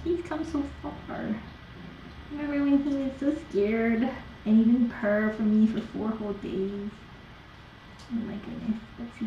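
Kitten caretaker, woman, slow sing-song baby talk, dull noisy livestream audio from across the room. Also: fairly high pitch, echoey room, recorded from a distance. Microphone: room camera mic from a distance.

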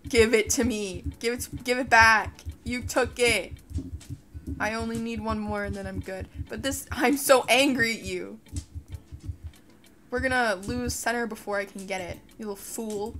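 A young woman giving casual commentary over a game, frustrated and swearing, with sudden shouted outbursts. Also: on the high side. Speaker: gaming YouTuber. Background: faint background music.

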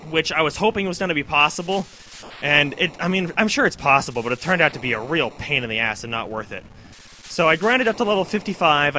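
A man giving excited commentary over a video game playthrough, cheering at the big moments and talking to the characters. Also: a little high, slight background noise. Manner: talks to himself and to the characters. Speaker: let's play host.

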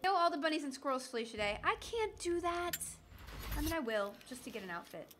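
Animated, high-voiced woman gamer. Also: very fast, slight background noise. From southern United States. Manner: chatty, animated, jokey. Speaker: gaming streamer. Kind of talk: casual gameplay commentary.

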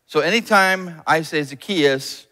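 A man, a pastor, telling a bible story to children in an animated storyteller's way. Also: fairly high pitch, measured pace. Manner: animated storyteller, acts out characters. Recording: long hall reverb, faint music.

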